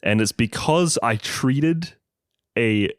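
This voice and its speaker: A man's voice: medium pitch, lively intonation, slow pace, smooth, no echo, studio quality. A young man with a New Zealand accent co-hosting a podcast, bantering and teasing his co-host. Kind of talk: casual chat.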